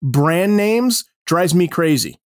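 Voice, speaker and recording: A man with a slightly raised pitch hosts a relaxed conversation, tossing out cheeky opinions. He often stumbles on fillers before landing his point. The sound is close and dry, with no room around it. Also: slow, no room sound. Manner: opinionated, playful, hesitant fillers. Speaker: podcast host. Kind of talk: casual chat.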